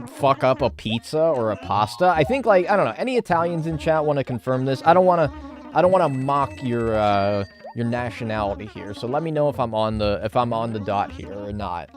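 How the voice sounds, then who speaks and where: A man chatting through a game livestream, his pitch jumping all over as he reacts to chat messages. He swears casually and riffs loosely on each comment. Faint game music plays underneath. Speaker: streamer.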